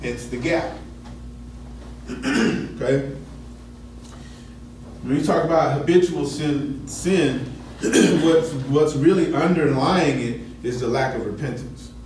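A man's voice: on the high side, slow pace, pauses often, a little mellow, a little hiss or hum. A man teaching a Bible study lesson in a conversational way, asking his class questions as he explains. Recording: echoey room, mic at a distance.

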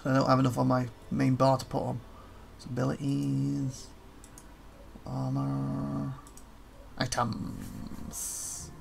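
A let's play gamer with a gravelly, creaky voice at a middle pitch, giving casual commentary on their own gameplay. They chat away to the game's characters and break into quick, excited outbursts. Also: a little hiss or hum.

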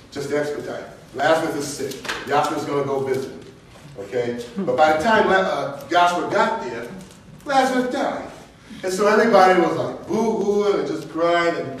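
A man teaching an informal Bible study class, talking casually and getting animated and high-pitched when worked up. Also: a little hiss or hum. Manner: animated, laughing storyteller, rises high when excited. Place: classroom or meeting room. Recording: echoey room from far off.

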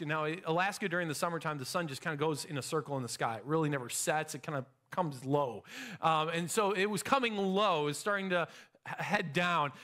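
A middle-aged man preaching a sermon as pastor in a church, energetic and conversational, with rising emphasis. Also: high voice. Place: church sanctuary.

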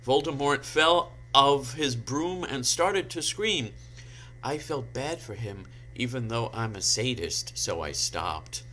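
A man giving a comic dramatic reading, slow and deadpan, dropping in dry asides, over a home video call mic. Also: medium pitch, a little hiss or hum. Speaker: guest reader.

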